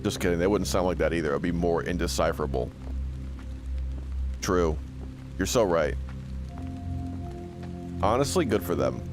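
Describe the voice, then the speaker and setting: A man's voice: deep voice, lively intonation, normal speed, pauses often, over music. A man playing a survival horror game and commenting on it, joking sarcastically and reading the game text aloud. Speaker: gaming streamer. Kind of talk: let's play commentary.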